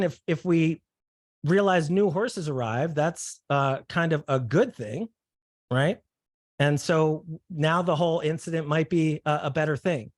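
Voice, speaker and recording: Man, slightly higher voice, relaxed guest speaker, chatty and conversational, keeps asking "right?". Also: dry recording, studio quality. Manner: casual, uses "right?" and "like" often, acts out quoted voices. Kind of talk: conversational talk.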